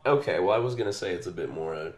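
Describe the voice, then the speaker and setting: Deep-voiced male podcast host, rambling. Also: fast. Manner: relaxed, rambling, lots of fillers. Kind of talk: casual conversation.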